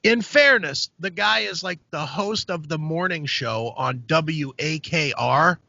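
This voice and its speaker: A man hosting a podcast, telling a story in a casual, profane, animated way. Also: fairly high pitch, a little slow, gravelly, dry recording. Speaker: podcast host. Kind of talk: casual chat. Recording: dry, dull lo-fi sound.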